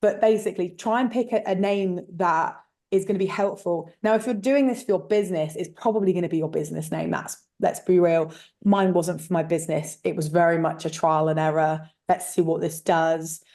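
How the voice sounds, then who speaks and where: Chatty, frank woman with a lowish voice. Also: fairly even intonation, a little fast, dark tone. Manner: chatty, frank storytelling with many fillers. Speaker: guest, letting agent. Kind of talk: casual interview chat.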